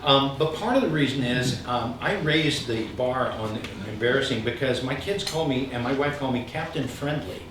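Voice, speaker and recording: A middle-aged man telling funny personal stories on stage, animated and self-mocking, often laughing. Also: mid-range voice, moderate pace, hardly any pauses. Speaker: storyteller. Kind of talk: live comic storytelling. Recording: echoey hall, far mic, noisy.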